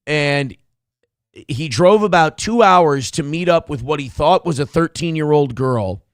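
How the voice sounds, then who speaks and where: A man hosting a talk show, talking over a clip in a blunt, sarcastic way and swearing freely. His voice sits a little high for a man. The sound is close and dry, with no room around it. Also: expressive, unhurried, no room sound. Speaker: show host. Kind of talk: casual commentary over a video clip.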